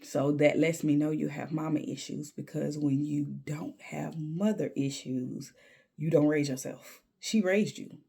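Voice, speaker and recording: A woman with a low, husky voice and a gravelly edge tells a candid story straight to the camera. She talks with emphasis and stumbles over repeated words when she gets heated. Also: fairly even intonation, measured pace, dark tone. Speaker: vlogger.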